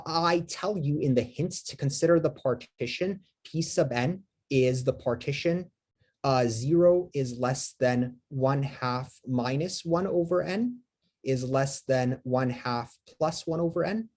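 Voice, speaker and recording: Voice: mid-range voice, takes it slowly, a little mellow. A lecturer giving a live math lecture, talking with many fillers, restarts and self-corrections, and asking the class questions.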